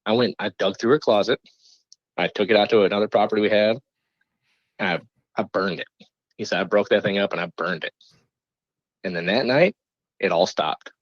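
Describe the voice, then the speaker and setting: A podcast host, a man, spins a casual story with lively energy and quick laughs. His voice sits on the low side. The recording is dull and lo-fi, with no room echo. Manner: animated, laughs while telling a spooky story.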